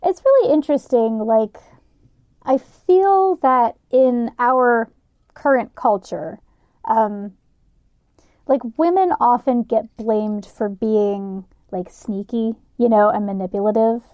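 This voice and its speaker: A woman's voice: on the high side, slow, no room sound, highs cut off. Candid, profane woman podcast host. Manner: candid, profane, thinks aloud with many "like"s. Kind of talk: casual podcast chat.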